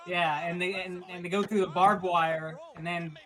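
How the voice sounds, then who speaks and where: A man's voice: high voice, little pitch movement, normal speed, fairly bright tone. A man co-hosting a podcast, rambling through anecdotes in casual chat. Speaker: podcast co-host.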